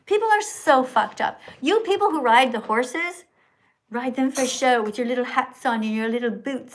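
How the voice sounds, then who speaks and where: A high-voiced woman hosts a live stream, talking straight to her viewers. She lectures, scolds and mocks in a preachy, heated rant. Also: moderate pace. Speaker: livestream host. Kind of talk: ranting livestream chat.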